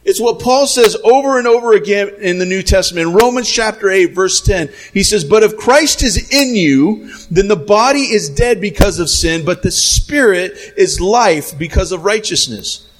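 A man preaching a sermon as a pastor, lively and conversational, acting out little scenes and sometimes shouting. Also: sits high, normal speed, few pauses, rough recording.

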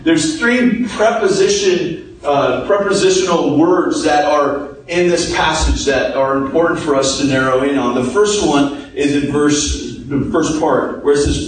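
Casual preacher in a booming room. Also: male voice, unhurried. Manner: casual, storytelling, explaining. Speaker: pastor. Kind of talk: sermon. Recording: echoey room from far off, faint noise.

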